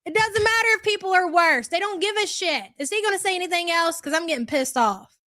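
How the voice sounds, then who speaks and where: Woman streamer, high pitch, dry close sound, angry profane rant. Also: animated, fast talker, pushed and bright, no room sound. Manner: aggressive, swearing, sarcastic. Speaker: livestream commentary host.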